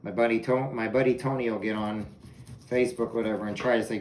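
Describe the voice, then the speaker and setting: He speaks fast in a steady, medium-pitched voice with a darkish tone. A home cooking vlogger, he cooks corn in his kitchen while rambling casually and amusing himself for viewers, in an echoey room with some background noise.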